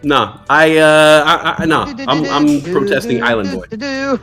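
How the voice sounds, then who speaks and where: A man's voice: on the high side, very animated, takes it slowly, over music. A man hosting a casual trading livestream, joking around and reading out chat comments. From New York. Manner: playful, jokey, reads chat aloud. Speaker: livestream stock trading host.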